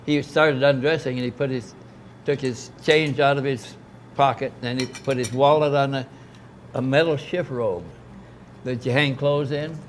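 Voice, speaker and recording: An older man being interviewed rambles through a long story, acting out the voices of the people he quotes. His mid-range voice is steady and moderately paced, with slight background noise.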